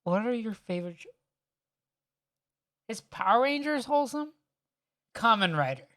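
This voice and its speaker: A man's voice: high voice, sing-song, moderate pace, fairly bright tone. A man co-hosting a podcast, joking and swearing in casual chat, with lots of "like" fillers. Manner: joking, profane, rambling with many "like" fillers. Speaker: podcast co-host.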